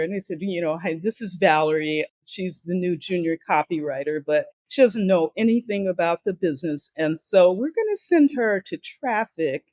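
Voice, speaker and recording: A woman's voice: low voice, a little mellow, no room sound. An older woman, a guest on a podcast, tells stories from her career and acts out the voices of the people she quotes. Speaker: guest speaker and author. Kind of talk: storytelling in a podcast interview.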